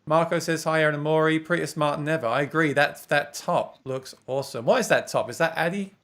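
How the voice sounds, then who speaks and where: A man's voice: on the high side, fairly quick, fairly bright tone. A man from England with an English accent, hosting a casual livestream chat, talkative and reading viewer comments aloud with frequent laughs. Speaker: host of a guitar livestream.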